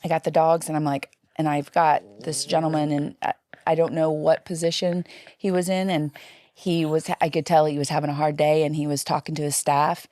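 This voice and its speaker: Lively low-voiced woman telling stories. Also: a little fast, no room sound, clean studio sound. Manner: lively storyteller, acts out quoted voices. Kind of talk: casual interview chat.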